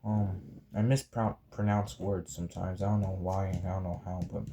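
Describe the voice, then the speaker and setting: Young guy talking while he draws, kinda low voice, mellow, lots of ums and sorrys. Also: little pitch movement, normal speed, slight background noise. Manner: rambling, apologetic, many fillers and restarts. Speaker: drawing tutorial creator. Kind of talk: casual drawing tutorial chat.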